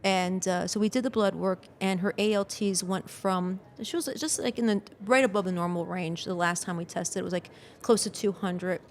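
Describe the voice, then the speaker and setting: A woman's voice: mid-range voice, steady tone, normal speed, few pauses. A woman guest on a podcast talking casually about her dog's health, rambling with frequent "you know" and "uh".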